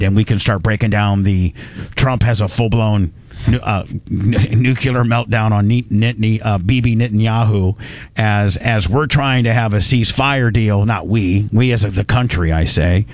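A man's voice: on the low side, normal speed, no room sound. A man hosting a radio show, chatting casually and joking, often restarting and correcting himself. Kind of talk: casual talk radio chat.

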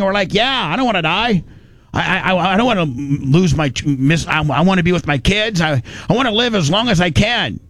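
A man's voice: high voice, fairly bright tone, no echo. A man hosting a talk radio show, talking bluntly and mockingly, rambling with restarts. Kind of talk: loose opinionated talk radio banter.

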